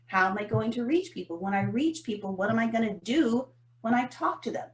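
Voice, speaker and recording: A woman, co-hosting a podcast and telling a story about business in an animated, emphatic way. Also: fairly high pitch, fairly quick. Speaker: podcast co-host. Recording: roomy echo.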